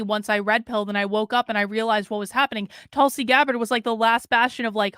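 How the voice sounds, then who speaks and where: A woman with a smooth, clear voice pitched a little high hosts a casual live stream. She talks quickly and bluntly, full of opinion. The sound is dry and close. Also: pushed and bright, no room sound. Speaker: political commentator streamer.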